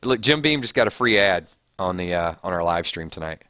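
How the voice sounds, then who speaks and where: A man's voice: deep voice, animated, brisk, pushed and bright, no echo, studio quality. A man hosting a live stream, chatting casually and reading viewer comments aloud with frequent restarts.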